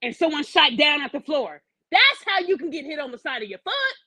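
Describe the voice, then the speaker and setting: A woman's voice: high-pitched, very animated, brisk, bright, forceful tone, no room sound, poor audio. A woman hosting a podcast, ranting bluntly and profanely and firing pointed questions at her audience. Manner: challenges the listener with pointed questions. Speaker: podcast host. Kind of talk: opinionated podcast rant.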